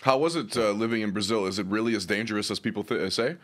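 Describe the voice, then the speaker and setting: Fast-talking male podcast host. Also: lowish voice, fairly bright tone. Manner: quick, joking interjections. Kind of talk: casual interview chat.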